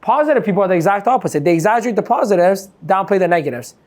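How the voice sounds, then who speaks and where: Energetic man coaching a live crowd. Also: high voice, rapid-fire. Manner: energetic, quizzes the audience with "yes or no?". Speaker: motivational coach. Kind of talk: live motivational seminar talk.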